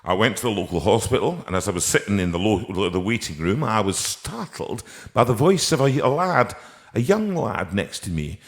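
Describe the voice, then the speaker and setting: A man's voice: lowish voice, big pitch swings, moderate pace. A man hosting a casual live stream from a music room, telling jokes in a rambling, playful way with many restarts. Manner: jokey, rambling with restarts, tells puns. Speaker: singer and host. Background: piano.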